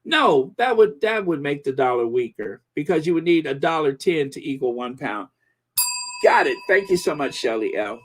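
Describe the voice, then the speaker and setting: A man's voice: on the high side, sing-song, moderate pace. A man hosting a live stream, chatting casually and rambling through viewer comments with many fillers. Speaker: channel host reading viewer comments.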